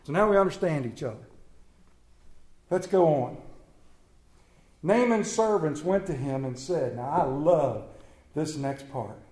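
A man preaching a sermon to his congregation, retelling a bible story in lively fashion and calling out people by name. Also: fairly high pitch, a little slow, long pauses, echoey room. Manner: animated, acts out bible characters, addresses congregation by name.

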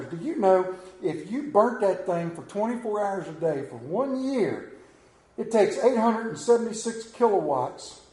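Middle-aged Appalachian pastor, high-pitched man, joking folksy sermon, roomy church echo. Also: a little mellow. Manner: folksy, joking storyteller who questions the congregation. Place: church sanctuary.

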